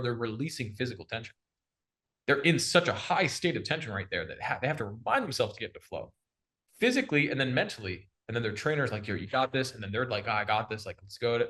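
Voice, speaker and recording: Young man, sales coach, rapid talk, bright forceful tone, slangy casual chat. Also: medium pitch. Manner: energetic, slangy, says bro a lot.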